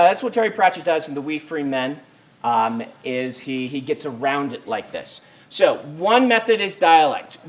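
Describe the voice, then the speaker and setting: Man lecturing on creative writing. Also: fairly high pitch. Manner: conversational, many ums and restarts. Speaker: writing instructor. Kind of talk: university lecture. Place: lecture hall.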